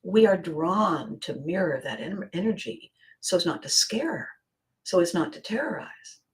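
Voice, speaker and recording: A woman hosts her own podcast in a solo monologue. Her storytelling is playful and animated, full of little voiced asides. Now and then she sinks to a near whisper to land a point. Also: lowish voice, measured pace. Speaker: podcast host.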